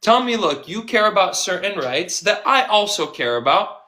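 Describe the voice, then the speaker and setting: A male activist with a bright, tense edge talks with biting sarcasm. He slips into other people's voices to quote them, mocking the arguments he keeps hearing. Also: high voice, big pitch swings, normal speed. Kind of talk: impassioned conversational storytelling.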